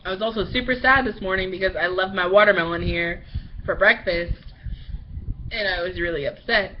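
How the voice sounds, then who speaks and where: A woman's voice: fairly low pitch, brisk, a little hiss or hum. A young woman from Baltimore chatting casually to her webcam, rambling with lots of "like"s and laughs. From Baltimore, Maryland. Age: young adult. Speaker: vlogger. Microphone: built-in webcam mic. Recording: dull lo-fi webcam audio.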